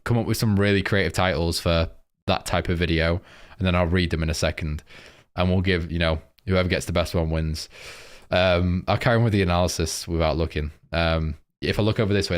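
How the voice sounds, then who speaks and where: Laid-back man, low voice. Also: fairly even intonation, fast. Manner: casual, swearing, laughing at viewer comments. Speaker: forex trading streamer. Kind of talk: live stream chat and chart analysis.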